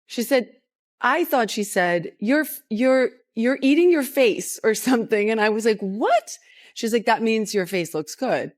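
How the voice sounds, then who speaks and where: A woman's voice: a little high, lively intonation, measured pace. A woman chatting as a talk show guest, playfully acting out her daughter's words. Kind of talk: casual chat.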